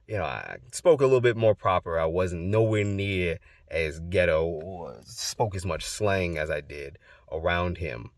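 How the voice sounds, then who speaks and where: Low-voiced man telling a story casually. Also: expressive, unhurried, hardly any pauses, dry recording, studio quality. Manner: loose and rambling, many fillers. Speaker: host.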